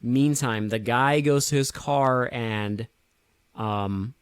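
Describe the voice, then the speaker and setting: A man co-hosting a podcast in casual chat, picking apart a movie with blunt, mocking remarks. He swears freely. His average-pitched voice sounds dry and close, with no room echo. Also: slow, clean tone. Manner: blunt, profane, dryly mocking. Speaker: podcast co-host.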